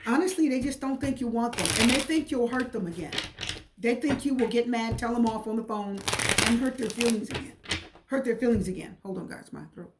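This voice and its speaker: Higher-pitched chatty woman tarot reader. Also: fairly quick, heavy background noise. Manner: chatty, repetitive, emotional. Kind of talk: casual tarot reading to camera.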